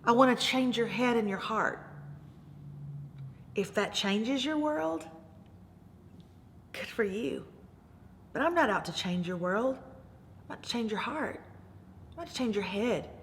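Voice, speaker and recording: A woman's voice: on the high side, lively intonation, a little slow, pauses often, long reverb tail, slight background noise. Emphatic woman giving a faith talk. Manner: emphatic and repetitive, calls listeners "baby". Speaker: Bible study teacher. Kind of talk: faith-based motivational talk.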